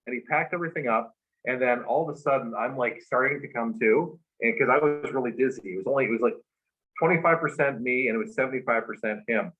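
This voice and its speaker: A man, a guest, casually telling a long story, animated and full of fillers. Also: mid-range voice, fast talker. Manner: animated retelling with many fillers. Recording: dull lo-fi recording.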